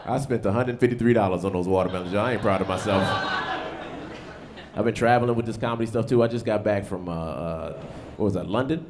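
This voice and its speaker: A man doing a stand-up comedy set on a club stage, with punchy, animated storytelling and asides to the crowd. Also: medium pitch, brisk, long pauses. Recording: live club with loud background noise.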